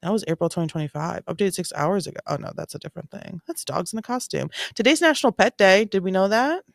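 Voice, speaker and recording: A woman with a mid-range voice talks fast with some vocal fry, recorded clean in a studio with no room sound. She hosts a true-crime livestream, reacting to a clip with casual live commentary. Her chatter rambles and is packed with "like."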